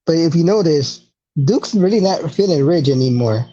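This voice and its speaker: Podcast co-host, mellow laid-back male voice, slangy banter, muffled lo-fi audio. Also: a little high, lively intonation, moderate pace. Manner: laid-back, loose slangy talk with swearing. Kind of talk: casual wrestling chat. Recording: dull lo-fi recording.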